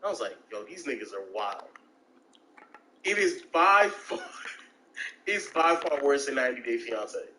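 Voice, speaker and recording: A man's voice: a little slow, pauses often, a little hiss or hum, rough recording. A man telling stories in casual chat and acting out the people in them with jumps in his voice. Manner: animated, acts out quoted voices with big pitch jumps.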